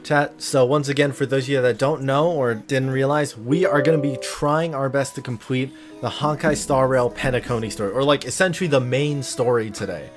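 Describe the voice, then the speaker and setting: A man's voice: medium pitch, fairly even intonation, normal speed, hardly any pauses, music in the background. A tired man hosting a livestream in casual chat, rambling and self-deprecating. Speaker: livestream host.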